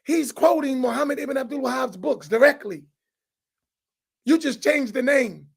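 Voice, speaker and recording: A man, preaching to an audience on a roundtable. He is loud and challenging, and he repeats phrases for emphasis. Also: very high-pitched, lively intonation, moderate pace, vocal fry, husky. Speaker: imam on a roundtable.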